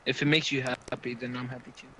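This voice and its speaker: A man chatting with a stranger on voice chat, playful and theatrical, with sudden loud outbursts. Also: medium pitch, level tone, fast, slight background noise, poor audio. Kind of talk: casual voice-chat banter.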